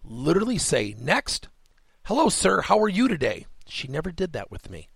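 A man's voice: mid-range voice, gravelly, a bit bright, slightly rough, dry recording, clean studio sound. A man hosting a coaching podcast, telling a story and acting out the dialogue.

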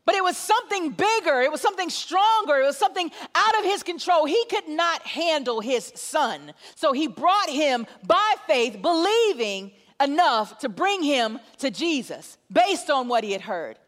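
A woman preaching a sermon in an animated, conversational way, repeating her points for emphasis. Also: high-pitched, normal speed, few pauses. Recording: long hall reverb.

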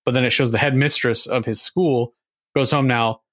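A man's voice: mid-range voice, fairly even intonation, normal speed, a bit bright, no room sound, clean studio sound. A man in casual chat, rambling through a movie's plot and acting out the characters' lines. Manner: rambling, acts out lines from scenes.

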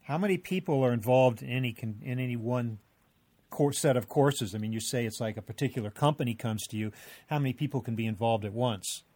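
A man hosting an interview podcast, reading a scripted introduction and then asking guests measured questions. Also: mid-range voice, darkish tone. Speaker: podcast host.

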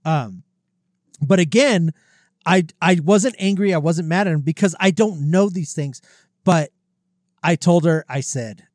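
A man's voice: a little high, animated, measured pace, dry recording, studio quality. A man co-hosting a podcast in casual chat, blunt and swearing freely, joking about himself. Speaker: podcast co-host. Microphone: close podcast mic, breathes into it.

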